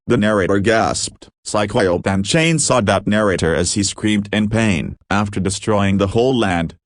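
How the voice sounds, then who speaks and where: A man with a fairly low voice reads his homemade horror fan story aloud in a flat, even way. The sound is close and dry, with almost no room around it. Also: a little slow, hardly any pauses, dry recording. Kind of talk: amateur fan-story narration.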